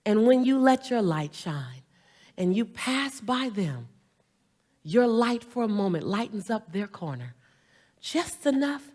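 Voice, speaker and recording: A middle-aged woman giving a motivational stage speech, telling stories with humor and drawing the crowd in with call-and-response prompts. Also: on the high side. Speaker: motivational speaker. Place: stage before a large audience.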